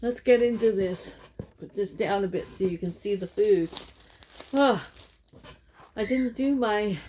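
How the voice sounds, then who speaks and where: Slow-talking woman vlogger. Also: medium pitch, dark tone, a little hiss or hum. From Canada. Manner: chatty, laughs often, corrects herself mid-sentence. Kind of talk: casual mukbang chat.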